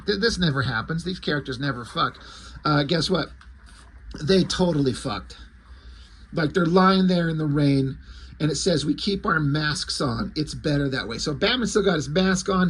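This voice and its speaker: A man recapping a comic book page by page in a loose, crude, wisecracking way. His voice is husky and slightly high for a man. He gets excited and sarcastic, swears freely, and laughs at what he reads.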